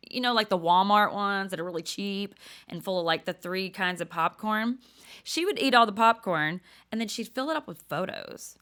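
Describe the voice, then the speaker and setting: Animated, chatty tattooed grandmother. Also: medium pitch. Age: older. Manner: chatty and animated, laughs often, drops to a hush for emphasis. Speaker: podcast host. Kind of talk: casual storytelling monologue.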